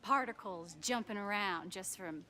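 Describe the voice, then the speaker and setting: A woman's voice: medium pitch, measured pace, background noise, lightly acted. An actress voicing an aloof, theatrical young woman stranger with an affected, odd-accented delivery, in video game dialogue. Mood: mannered.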